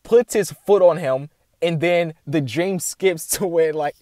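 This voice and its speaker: A young man talks casually to his viewers, rambling and filling his sentences with constant filler words. His voice sits a little high for a man, and the sound is dry and close with no room echo. He turns excited and animated as he retells the dream. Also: slow. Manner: rambling, heavy "like" filler, addresses "guys". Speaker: vlogger sharing a dream. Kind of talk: casual chat to camera.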